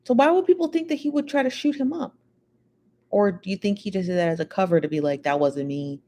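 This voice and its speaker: A woman's voice: medium pitch, fast, mellow, a little hiss or hum. A woman hosting a live show, chatting casually and reading out viewer comments in a rambling, gossipy way, full of fillers.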